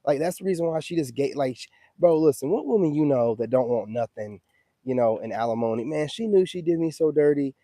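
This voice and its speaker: Dark-voiced man ranting on a livestream. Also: on the high side, lively intonation, brisk, no room sound. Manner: loose, emphatic, keeps asking "you know what I'm saying". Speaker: livestream host. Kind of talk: casual livestream chat.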